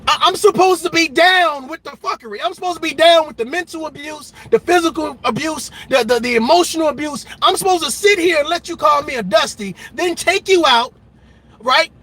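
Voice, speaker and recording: A man hosting a reaction channel, delivering a loud, emphatic and mocking rant that keeps repeating itself. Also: extremely high pitch, fairly quick.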